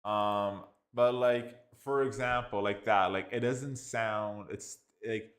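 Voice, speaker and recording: An Irish man giving a casual spoken software review, rambling with constant fillers and restarts. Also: lowish voice, fairly even intonation, slow. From Ireland.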